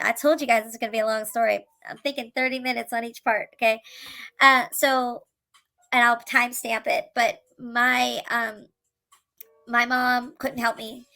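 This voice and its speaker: A woman's voice: a little high, steady tone, normal speed, gravelly, sharp tone, poor audio. A woman, a single mother, earnestly telling her own life story to camera, emotional, with tumbling restarts and repeated words. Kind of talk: candid personal storytelling to camera.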